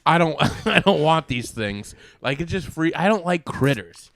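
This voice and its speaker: A man's voice: a little high, animated, measured pace, gravelly, a bit bright, no echo, studio quality. A man chatting offhand and joking as a podcast co-host. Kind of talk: casual chat.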